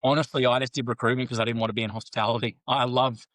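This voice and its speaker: A man talks at a brisk clip, blunt and full of swearing, slipping into the voices of the people in his anecdotes. His middling voice sits close and dry on the mic. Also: mid-range voice, fairly even intonation, a bit bright, no room sound, rough recording. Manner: candid, sweary, quotes others in banter. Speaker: podcast guest. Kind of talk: casual storytelling interview.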